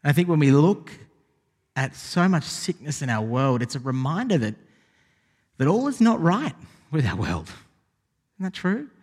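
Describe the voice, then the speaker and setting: A man preaching a sermon as pastor, animated and rising to emphatic exclamations. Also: a little high, normal speed, pauses often, husky. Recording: long hall reverb.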